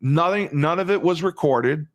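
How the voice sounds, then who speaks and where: A man's voice: a little high, normal speed. A male podcast host retelling a crime case in casual talk, emphatic, repeating phrases and restarting often.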